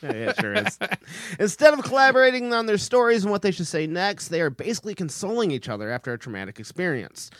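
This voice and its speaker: A man's voice: high-pitched, very animated, fast, fairly bright tone, no room sound, studio quality. A man hosting a podcast, reading from his notes in a conversational way. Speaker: podcast host. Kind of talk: casual chat.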